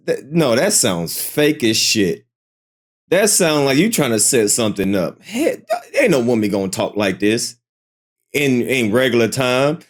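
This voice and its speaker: A man talks through a reaction video in a casual, skeptical way and keeps circling back to the same doubts. His pitch swings a lot as he talks. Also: a little slow. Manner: skeptical, repeats himself, animated. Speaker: reaction channel host.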